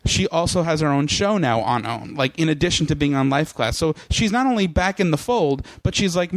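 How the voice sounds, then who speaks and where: A man's voice: fairly high pitch, expressive, fairly quick, no echo. A young adult man, a podcast guest, telling a comic story in casual chat, laughing often and breaking into mocking impressions.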